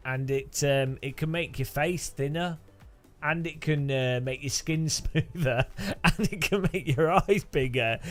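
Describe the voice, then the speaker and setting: Rambling streamer, slightly high voice. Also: male voice. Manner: rambling, chuckling, answering chat. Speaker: sim racing streamer. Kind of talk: casual live-stream chat.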